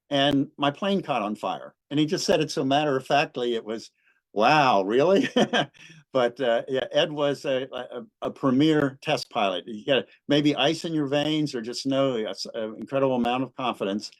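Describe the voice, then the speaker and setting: A man from Kentucky walks an audience through a slide presentation at an unhurried pace. He fills his pauses with frequent "uh"s, and his voice sits in a medium range. The sound is dry and close. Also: mid-range voice, no room sound, poor audio. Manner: relaxed, many "uh" fillers. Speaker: guest speaker at a museum history talk.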